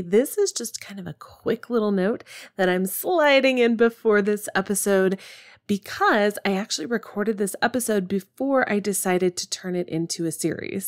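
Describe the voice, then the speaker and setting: A woman's voice: medium pitch, no echo, clean studio sound. A woman hosting her own podcast, speaking in an upbeat, chatty way straight to her listeners. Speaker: podcast host. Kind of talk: solo podcast monologue.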